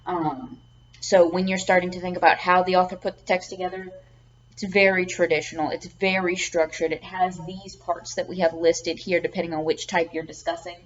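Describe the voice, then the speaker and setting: A woman's voice: on the low side, flat delivery, moderate pace. A woman teaching a class lecture. She often says um, repeats words and checks in with "okay?". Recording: dull lo-fi recording with faint background noise.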